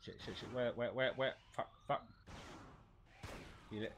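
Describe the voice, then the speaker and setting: A man streaming a shooter game, talking through his play in casual commentary and swearing excitedly at the enemies. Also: on the low side, normal speed, pauses often, slight background noise. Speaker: VTuber streamer. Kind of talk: live gameplay commentary.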